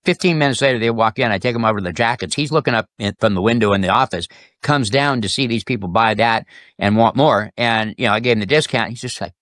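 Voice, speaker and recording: A man as an interview guest, telling sales stories in a lively way and acting out the people in them. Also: mid-range voice, quick pace, no echo. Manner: animated, acts out quoted customers and bosses. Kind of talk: casual storytelling interview.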